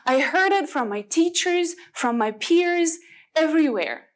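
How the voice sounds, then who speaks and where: Speaking slowly in a high-pitched voice, a woman who trains English teachers delivers a motivational talk. She pauses deliberately, poses rhetorical questions, and sounds expressive throughout.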